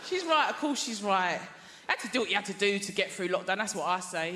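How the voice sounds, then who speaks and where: A woman's voice: medium pitch, expressive, fairly quick. An English woman in her thirties doing stand-up comedy in a chatty, confiding way, full of tag questions. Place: large theatre stage. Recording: echoey theatre with loud crowd noise.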